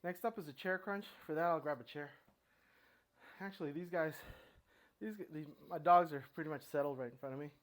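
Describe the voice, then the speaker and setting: A middle-aged man at home, talking himself through a core workout with halting restarts and breathless pauses between sets. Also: fairly high pitch. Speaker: fitness vlogger. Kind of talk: casual workout narration. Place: home room with his dogs.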